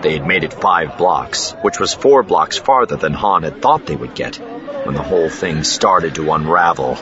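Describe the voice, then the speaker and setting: A man reading a novel aloud in steady, measured narration. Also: rumbling low, highs cut off, crowd noise. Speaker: audiobook narrator. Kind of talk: scripted narration.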